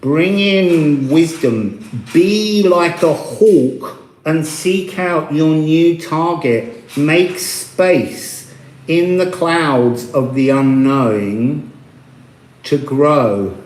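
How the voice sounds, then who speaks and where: A man's voice: medium pitch, slow pace, a little mellow. A man giving a tarot reading for his channel, talking in a meandering, mystical way and stopping now and then to correct himself. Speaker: tarot reader. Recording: echoey room.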